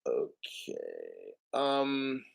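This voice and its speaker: A man hosting a live-streamed crypto show, reading an article aloud and riffing on it in an excitable, profane way, often claiming he is about to cry. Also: extremely low pitch, gravelly, slightly rough. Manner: profane, excitable, mock tearful; reads article aloud slowly, then riffs. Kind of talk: live-stream commentary with callers.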